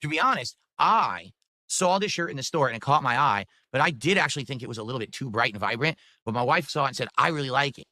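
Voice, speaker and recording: Man, live stream host, fast, bright, upbeat, dry sound. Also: mid-range voice, animated, no room sound. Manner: upbeat hype, reads donations aloud.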